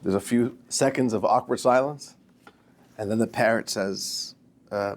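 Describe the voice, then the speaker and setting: A man's voice: lowish voice, a little slow. A man teaching a class as a rabbi, telling jokes and addressing the listeners as dear friends. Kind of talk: lecture with jokes.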